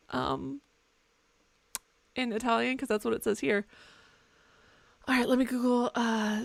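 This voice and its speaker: A woman's voice: on the high side, vocal fry, a bit bright, no room sound. A young woman doing let's play commentary, joking and swearing as she reacts to the game. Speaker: gaming streamer.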